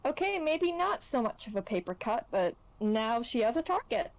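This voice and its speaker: A woman with a somewhat high voice plays a tabletop game. She is excitable and laughs a lot as she describes her character's moves. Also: moderate pace, vocal fry, dry recording, poor audio. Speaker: player. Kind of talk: casual tabletop play.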